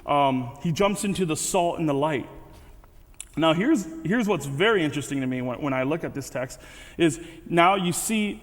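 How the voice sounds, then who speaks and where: A man giving a casual, conversational sermon with frequent restarts and asides. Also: fairly high pitch. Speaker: guest speaker. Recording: reverberant hall.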